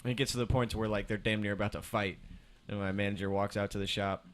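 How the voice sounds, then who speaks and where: A young man co-hosting a casual chat among friends, telling a story in an animated way, acting out the people in it and swearing freely. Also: lowish voice, fast talker. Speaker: podcast co-host.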